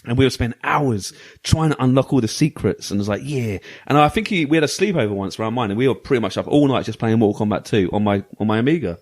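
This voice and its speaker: A man co-hosting a retro gaming podcast, telling a long anecdote in lively, laughing casual chat. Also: medium pitch, fast, few pauses. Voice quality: animated. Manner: lively storytelling, often laughing. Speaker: podcast co-host.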